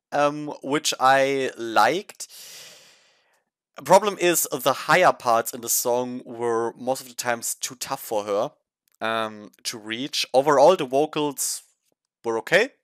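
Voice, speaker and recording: A man's voice: mid-range voice, takes it slowly, fairly bright tone, no echo. A man with a German accent co-hosting a podcast, bluntly giving his opinions on performances in casual chat. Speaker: podcast co-host.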